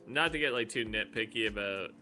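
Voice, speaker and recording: A man's voice: fairly low pitch, fairly quick, pushed and bright. A man co-hosting a casual podcast, speaking bluntly with frequent swearing and rambling filler words. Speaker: podcast co-host.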